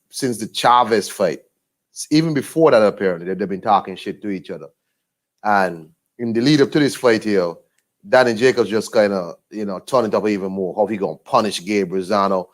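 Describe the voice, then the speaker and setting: A man's voice: lowish voice, moderate pace. A man talking casually in a rambling, laid-back way with many fillers and restarts. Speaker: boxing vlogger. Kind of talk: casual monologue.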